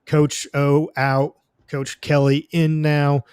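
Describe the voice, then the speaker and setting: A man's voice: a little high, flat delivery, slow, a little mellow, clear, resonant tone, no room sound, clean studio sound. A man hosting a casual sports podcast, talking in an easygoing way with lots of fillers and plugging the next episode. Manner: easygoing, many fillers, promotes upcoming show. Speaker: podcast host.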